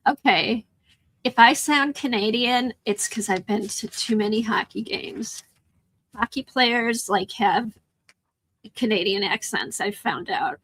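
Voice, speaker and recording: Chatty Midwestern woman, breathy voice. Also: mid-range voice, slow, fairly bright tone, no room sound, poor audio. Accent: American Midwest. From Chicago, USA. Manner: chatty, reads out and answers chat comments. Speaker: livestream art host. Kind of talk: casual chat while crafting.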